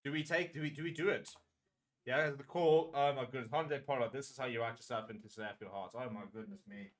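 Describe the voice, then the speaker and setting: A man's voice: mid-range voice, fairly quick. A man giving emotional live fan commentary on a rugby match, nervously repeating phrases as he calls the play.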